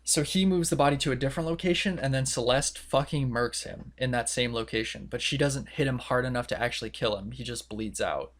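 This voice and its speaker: A young man co-hosting a podcast, excitedly retelling a story in a rambling way, full of fillers and quoted voices. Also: medium pitch, fairly quick, few pauses. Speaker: podcast co-host. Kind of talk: casual podcast chat.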